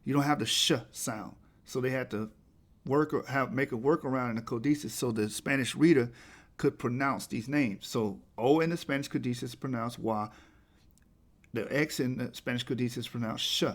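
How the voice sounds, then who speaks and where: A man's voice: mid-range voice, normal speed. Emphatic man lecturing over slides. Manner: emphatic, rising to forceful peaks; reads quotes aloud, restarts words. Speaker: presenter.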